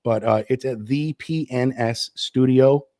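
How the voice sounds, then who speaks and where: A man hosting his own live stream show, sick with the flu and low on energy, chatting loosely and rambling. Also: unhurried, mellow, no echo, clean studio sound. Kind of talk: casual live stream chat. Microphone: streaming setup.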